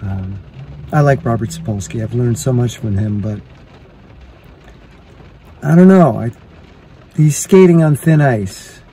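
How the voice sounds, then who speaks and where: A man's voice: medium pitch, animated, a little slow, long pauses, mellow, a little hiss or hum. A man in his fifties, a fitness vlogger, talks to the camera in a casual, reflective way and thinks aloud. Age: 50s. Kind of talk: casual vlog monologue.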